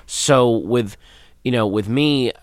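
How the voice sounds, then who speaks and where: A man, a comedian, answering interview questions in a radio studio, thoughtful and given to trailing off into soft asides. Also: medium pitch, slow pace, no room sound. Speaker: comedian guest.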